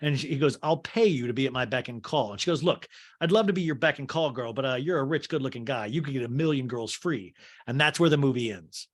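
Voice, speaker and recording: A man's voice: mid-range voice, fast talker. A man from Kansas hosting a comedy podcast. He rambles through a movie recap and acts out the characters' lines as he goes. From Kansas, USA. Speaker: podcast host.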